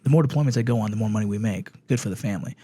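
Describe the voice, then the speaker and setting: A middle-aged man, a former Army Ranger guest, telling stories in fast, profane, animated podcast chat. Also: on the low side, breathy edge, no echo.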